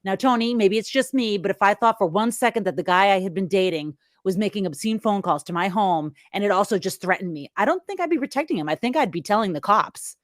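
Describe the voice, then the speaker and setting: A woman co-hosting a casual podcast, retelling a film's plot in a chatty, animated way. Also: mid-range voice, fast, few pauses, no room sound, clean studio sound. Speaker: podcast co-host recapping the plot.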